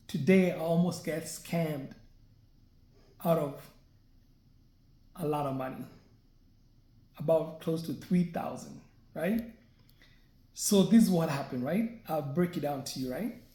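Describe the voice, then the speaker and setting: In a bare room full of echo, a man with a fairly high voice spins a relaxed story to camera for his vlog. He keeps it chatty and loose, with a mellow, soft-edged tone, often checking in with a quick "right?"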